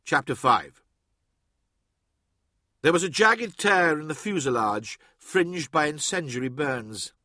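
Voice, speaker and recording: A man reading an audiobook in steady, even scripted narration. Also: a little high, slow pace, long pauses, no room sound, studio quality.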